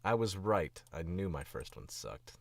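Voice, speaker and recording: Young male voice actor, very deep gravelly voice, lively swings, rambling stream chat. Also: a little slow, dry recording. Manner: chatty, self-critical, rambling. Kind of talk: casual livestream chat while editing. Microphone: studio mic.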